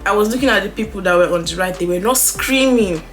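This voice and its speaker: A young woman telling a story in a casual, animated way while doing her makeup on camera, acting out the dialogue. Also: mid-range voice, quick pace, faint music behind. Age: young adult. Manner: animated, dramatic retelling with quoted dialogue. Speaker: beauty vlogger.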